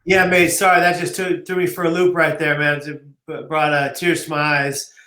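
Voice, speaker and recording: A man, guest on a live-streamed interview, telling his story in an emotional, animated way. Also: fairly high pitch, normal speed, reverberant. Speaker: guest, suicide prevention advocate.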